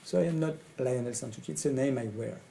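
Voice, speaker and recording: French-accented man, gravelly and halting. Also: medium pitch, dark tone, a little hiss or hum, low-quality recording. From France. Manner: slow, halting, repeats phrases. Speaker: coach and facilitator. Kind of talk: speaking to camera about his training.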